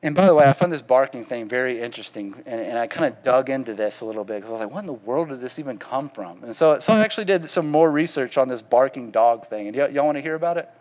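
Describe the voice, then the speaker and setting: A man's voice: mid-range voice, lively intonation, quick pace, few pauses, a little mellow, in a large hall. A man with a Southern accent preaching a sermon in a folksy, conversational way, often asking the congregation questions. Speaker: pastor.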